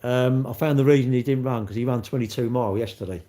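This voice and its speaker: The middle-aged host talks fast in a mellow, mid-range voice during his phone livestream. He rambles, jokes cheekily with viewers, and keeps answering live comments in casual chat.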